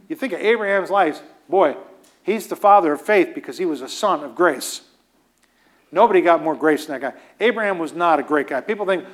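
A male preacher with a fairly high voice teaches in a loose, conversational sermon style. He hammers points home by repeating key phrases and drops casual asides as he goes. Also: moderate pace, fairly bright tone. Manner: emphatic, repeats phrases for stress.

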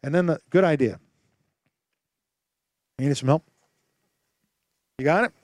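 Dry-sounding preacher man, animated delivery. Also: fairly high pitch, measured pace, no echo. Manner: animated storytelling with rhetorical questions; acts out voices and sounds in his stories. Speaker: pastor. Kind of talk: sermon.

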